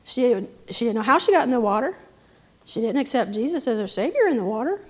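A woman's voice: on the high side, big pitch swings, brisk. A woman preaching a testimony sermon, fervent, breaking into amens and hallelujahs. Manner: fervent, rising to shouted praise, interjecting amen and hallelujah.

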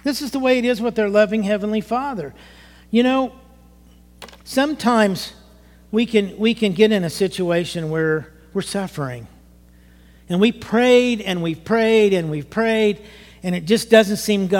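A man's voice: sits high, darkish tone. A man in his sixties, a pastor preaching a sermon and telling a personal testimony, talking conversationally, asking the congregation questions and rising into emotional outbursts. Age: 60s. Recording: long hall reverb.

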